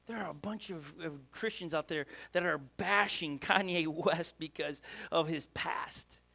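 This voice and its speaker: A male pastor preaching with a high, bright, forceful voice. He talks with energy, fires off rhetorical questions and often stops and restarts mid-sentence. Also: measured pace, creaky. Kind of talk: sermon.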